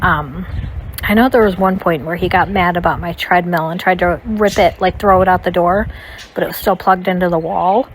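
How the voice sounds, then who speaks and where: A woman with a slightly low voice tells a personal story in a loose, casual way. She rambles and leans on "like" and "you know" as she goes. A faint hiss sits under her voice. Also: fairly even intonation, normal speed, low-quality recording. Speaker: storytime vlogger.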